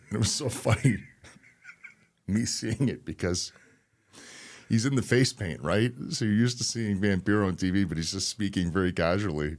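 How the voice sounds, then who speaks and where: A man in his thirties, a wrestler and interview guest, telling stories in a relaxed, anecdotal way with laughs between lines. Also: on the low side, normal speed. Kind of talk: casual interview storytelling.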